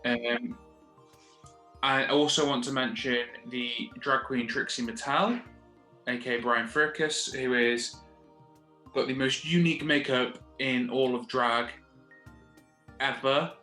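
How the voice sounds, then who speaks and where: A man with a bright, edgy voice co-hosts a casual podcast, blunt and dry. He swears without fuss. The sound is roomy with echo and has faint music behind. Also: medium pitch, steady tone, takes it slowly, long pauses. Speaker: podcast co-host. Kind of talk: casual chat. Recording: echoey room.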